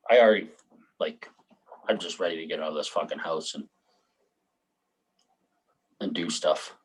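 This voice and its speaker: A man's voice: a bass voice, moderate pace, slight background noise, low-quality recording. A man, chatting casually on a podcast, laid-back and swearing, with frequent laughs. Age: 30s. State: recovering from hip surgery. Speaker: podcast co-host. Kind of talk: casual chat.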